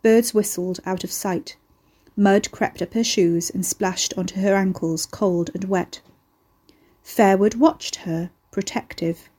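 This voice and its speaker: A woman narrating a novel chapter as an audiobook, in a steady, measured way. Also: medium pitch, husky.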